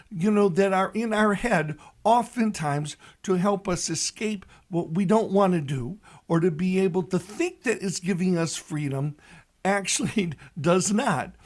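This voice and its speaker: A high-pitched man in his sixties with a lilt talks on the radio as a pastor. He tells his stories with animation and raises his voice sharply for the punchlines. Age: 60s. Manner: animated storyteller who shouts the punchlines. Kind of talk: radio reflection and joke telling.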